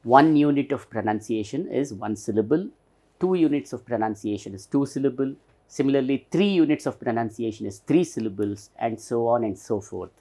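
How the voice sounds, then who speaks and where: A male teacher with an Indian English accent giving a recorded phonetics lesson, explaining slowly and repeating words to show their stress. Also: medium pitch, expressive, mellow.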